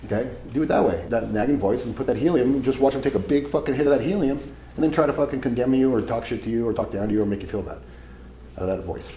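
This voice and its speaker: A man's voice: medium pitch, fast talker, dark tone, reverberant, a little hiss or hum, low-quality recording. A man giving a live seminar talk to an audience, casual and profane, telling stories as he goes. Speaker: seminar speaker.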